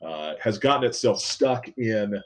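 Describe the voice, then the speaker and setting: A man running a tabletop role-playing game as game master, explaining rules and narrating scenes in a relaxed way with frequent fillers. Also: lowish voice, unhurried.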